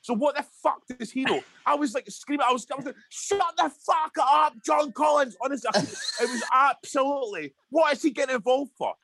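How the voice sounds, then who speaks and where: A man's voice: very high voice, lively intonation, fast, few pauses, background noise. A Scottish man ranting heatedly in a casual podcast chat, swearing often. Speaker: podcast co-host.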